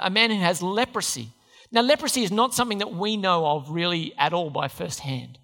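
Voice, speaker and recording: A man's voice: high voice, fairly bright tone, long reverb tail. A man preaching a sermon as pastor, emphatic and repeating key phrases. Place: church.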